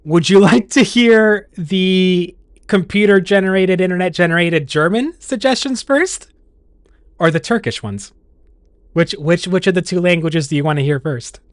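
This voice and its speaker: A man's voice: high-pitched, normal speed, dry recording, clean studio sound. A man streaming and chatting casually with his viewers, rambling along with restarts and laughs.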